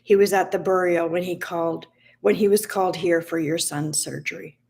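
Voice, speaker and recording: A tearful nurse gently breaks sad news, as a woman reads her lines. The voice is low and sorrowful. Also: fairly even intonation, normal speed, gravelly.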